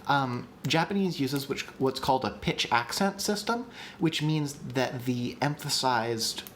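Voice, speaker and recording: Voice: medium pitch, expressive, measured pace, a bit bright, a little hiss or hum. Chatty, eager livestream language teacher. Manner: chatty and enthusiastic, with frequent ums and restarts. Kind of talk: casual livestream lesson.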